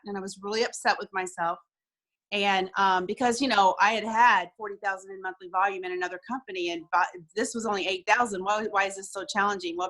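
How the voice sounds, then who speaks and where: A woman speaking over a video call, sharing her own story with heartfelt sincerity. Her voice sits at an ordinary middle pitch, and she stumbles and repeats words when the feeling rises. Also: fairly bright tone. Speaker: guest. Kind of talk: emotional personal story.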